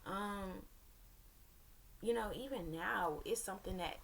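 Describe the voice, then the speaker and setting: A woman's voice: medium pitch, takes it slowly, vocal fry. A young woman telling a personal story to her viewers in a candid, rambling way, with sassy asides. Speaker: vlogger.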